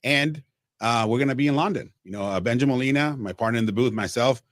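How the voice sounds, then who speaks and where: A man's voice: medium pitch, fast, dry recording, studio quality. Man telling stories on air. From Mexico. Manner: animated, acts out quotes, frequent restarts. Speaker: Spanish-language baseball broadcaster, guest. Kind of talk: radio interview storytelling.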